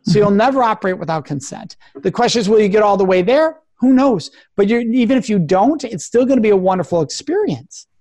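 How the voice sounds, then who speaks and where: A man's voice: high voice, expressive, a little fast, few pauses, darkish tone, dry recording, studio quality. A man who is a guest expert on a radio talk show, speaking earnestly and coaching listeners with example phrases. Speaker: guest expert on sexual respect.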